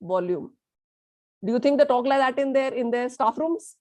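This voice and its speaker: A woman's voice: high voice, animated, moderate pace, dark tone. A woman leading a communication workshop, emphatic and repetitive, asking the class questions and slipping into Hindi phrases. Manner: emphatic, repeats words, asks the class questions. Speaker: workshop trainer.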